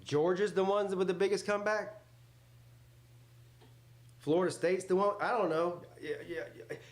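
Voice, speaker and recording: A man's voice: high voice, steady tone, normal speed, roomy sound. A man hosting a live football reaction stream. He jokes, swears freely and answers his chat. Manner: loud, joking, swears freely, talks back to chat. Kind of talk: casual live reaction commentary.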